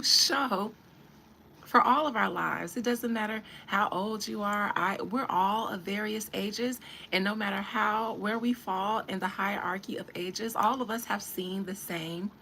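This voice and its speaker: An emphatic woman hosts a casual commentary podcast, mid-pitched and speaking directly to her audience. She hammers her points home in a preachy, conversational way. There is a faint hiss of noise behind her. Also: creaky, fairly bright tone. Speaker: podcast host.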